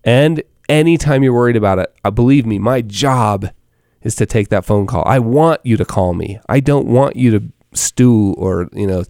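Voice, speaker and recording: A man's voice: medium pitch, normal speed, mellow, dry recording, clean studio sound. A man who works as a financial advisor, talking casually to other advisors, repeating himself and tossing in frequent "right?" asides. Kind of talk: coaching talk to fellow advisors.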